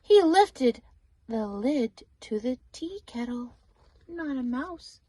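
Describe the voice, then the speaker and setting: An older woman reading a picture book aloud, with animated delivery and whispered asides to the listener. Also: sits high, slow pace, no room sound. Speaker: storybook reader.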